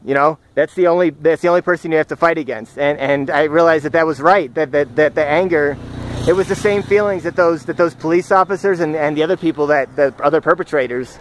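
A man recording a personal reflection vlog outdoors, speaking in an earnest, halting, searching way and often restarting his phrases. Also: a little high, slight background noise. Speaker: vlogger. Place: outdoors, walking in the countryside.

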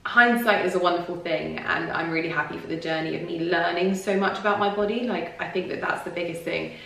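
A woman's voice: fairly low pitch, steady tone, a little fast, creaky, pushed and bright, distant mic. A woman vlogger chatting to camera in a rambling, confiding way, full of restarts and fillers. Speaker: lifestyle vlogger. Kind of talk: casual personal talk to camera. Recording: very echoey room, voice from off the mic.

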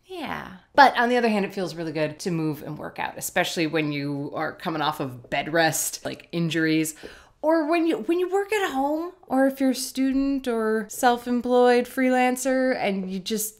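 A woman vlogger and artist chatting casually from home, rambling and self-deprecating. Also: mid-range voice. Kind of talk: casual vlog chat. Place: home, indoors.

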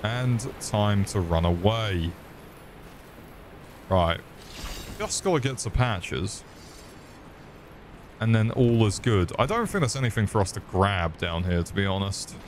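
A man's voice: on the low side, expressive, takes it slowly, pauses often, slight background noise. A man streaming a game, swearing often and joking with his chat. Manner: swearing, joking, chatting to viewers. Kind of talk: casual gaming commentary.

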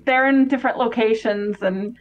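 A woman's voice: on the high side, moderate pace, dull audio. A woman co-hosting a casual let's-play of retro games, chatty and easygoing, laughing often. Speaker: game co-host.

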